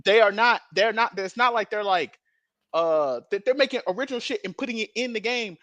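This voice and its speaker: A man's voice: high voice, fairly quick, no echo. A man hosting a casual podcast, telling stories emphatically and with a lot of profanity. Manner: animated, acts out quoted dialogue. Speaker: podcast host.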